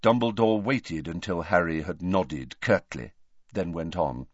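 A man narrating a fantasy novel as an audiobook in an expressive, dramatic storytelling manner, recorded dry and slightly muffled. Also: low-pitched, a little slow, dry recording. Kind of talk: scripted narration.

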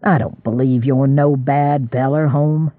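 A man voicing a gruff country squire. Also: medium pitch, steady tone, a little slow, no room sound, narrow, tinny audio, pitched below the performer's own voice, lightly acted. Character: older rural male squire, gruff and dry.

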